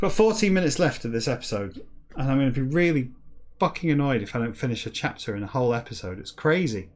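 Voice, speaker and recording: A man hosting a comedic solo podcast, rambling off on tangents, putting himself down, and reading a text aloud in slow, halting word-by-word bursts. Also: medium pitch, expressive. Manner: rambling and self-deprecating, with frequent digressions. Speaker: podcast host.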